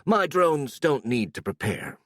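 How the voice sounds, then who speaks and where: Brief: storybook monster queen, smug and easily startled, voiced by a man, lifted pitch, dry studio sound. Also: sing-song, normal speed, no echo. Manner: smug, then easily surprised.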